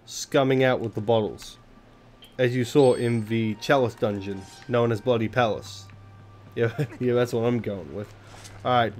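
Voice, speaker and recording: A man's voice: medium pitch, a little mellow. Rambling man, sweary gameplay commentary. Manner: rambling, self-deprecating, sweary. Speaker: let's play commentator.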